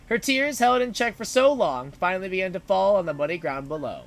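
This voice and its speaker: A man's voice: on the high side, big pitch swings, fairly quick, few pauses. A man streaming, reading a story aloud dramatically and breaking in with joking asides.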